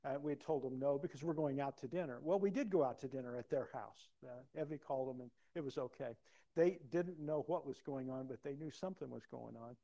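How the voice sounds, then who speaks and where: A man preaching a personal testimony, acting out dialogue and swinging from soft to loud. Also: medium pitch, a little fast, creaky. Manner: animated, acts out dialogue, big swings in loudness. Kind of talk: sermon storytelling.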